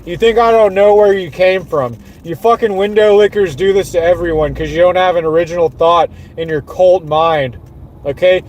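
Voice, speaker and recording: Furious high-voiced man ranting. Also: a little mellow, slight background noise, rough recording. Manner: furious, profane and repetitive. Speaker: streamer. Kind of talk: angry livestream rant.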